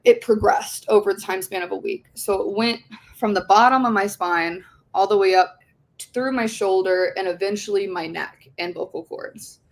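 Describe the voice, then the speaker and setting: A woman in her twenties, appearing as a podcast guest, tells her story in a casual, chatty, animated way. Her medium-pitched, creaky voice moves at normal speed, peppered with frequent swearing and constant "like" fillers.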